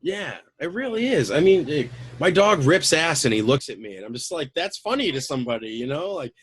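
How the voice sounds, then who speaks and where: A man chatting loosely on a talk show, loud and excitable, acting out little quoted voices as he goes. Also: on the high side, normal speed, slightly rough, low-quality recording. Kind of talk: casual chat, animated storytelling.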